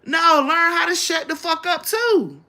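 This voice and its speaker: Ranting live to her stream, a woman is blunt, combative and full of curse words. Her high-pitched voice sounds bright and sharp with a rough fry running through it, and she keeps a measured pace.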